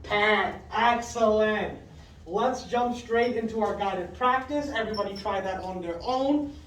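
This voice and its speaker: A classroom teacher leading a math lesson, patiently repeating questions, checking with "right?", and calling on pupils by name with quick praise. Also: mid-range voice, fairly bright tone, a little hiss or hum. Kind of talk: fifth-grade math lesson. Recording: roomy classroom heard from a distance.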